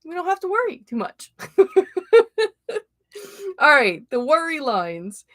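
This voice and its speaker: A woman's voice: high voice, very animated, moderate pace, sharp tone, no room sound. A woman hosting a casual livestream as a tarot reader, chatting with viewers, greeting them by name and laughing often. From Florida.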